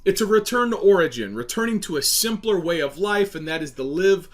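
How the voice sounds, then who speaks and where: Male host, fairly high-pitched, forceful and preachy delivery with stumbles. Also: animated, fairly quick. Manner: emphatic, preachy, stumbles over words. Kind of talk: political monologue.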